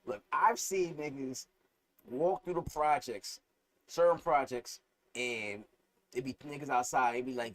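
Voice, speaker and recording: A man's voice: medium pitch, a little slow. A man with a New York accent, a guest comedian telling stories in a casual, profane podcast chat. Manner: animated, profane storyteller.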